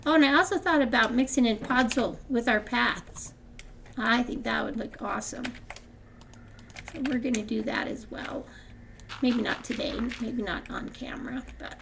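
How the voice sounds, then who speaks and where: Older woman with a creaky voice chatting over gameplay. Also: on the high side, moderate pace, noisy background. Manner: chatty, laughs often, rambling with restarts. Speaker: gaming channel host. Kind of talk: casual gameplay commentary.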